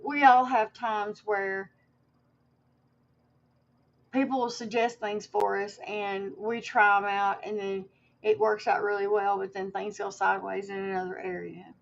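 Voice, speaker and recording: A woman's voice: mid-range voice, flat delivery, measured pace, creaky, muffled recording, a little hiss or hum. A woman livestreaming to her viewers in a casual, rambling way, with many fillers and restarts and some emotion.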